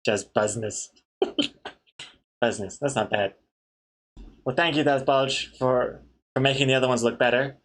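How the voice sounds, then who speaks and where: Long pauses mark the talk of this comic artist streamer, whose medium-pitched, slightly bright voice keeps a steady tone at normal speed. Casual and chatty, he reads chat aloud and jokes with viewers.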